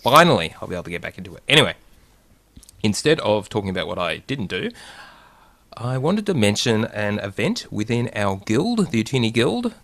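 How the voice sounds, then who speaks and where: A man co-hosting a podcast, talking in a lively, talkative casual chat. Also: on the low side, brisk, dry recording. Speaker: podcast co-host.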